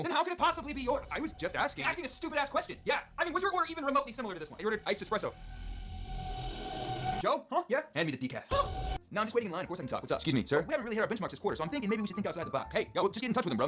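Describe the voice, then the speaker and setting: A young man races through comedy sketches in a high, bright voice, all snappy sarcasm and rude comebacks. His pitch jumps around constantly as he flips between characters. Light music runs faintly underneath. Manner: snappy, sarcastic back-and-forth.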